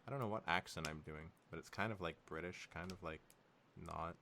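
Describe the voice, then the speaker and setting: A man's voice: low-pitched, fairly quick, vocal fry, bright, forceful tone, slight background noise. A man co-hosting a fan-fiction podcast who riffs playfully and laughs often while chatting about the story. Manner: playful, giggly, riffing. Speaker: podcast co-host. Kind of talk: casual comedic chat about fan fiction.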